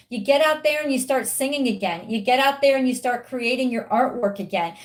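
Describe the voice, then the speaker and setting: A woman giving a live-streamed tarot reading, chatty with viewers, frustrated and swearing openly about her internet. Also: a little high.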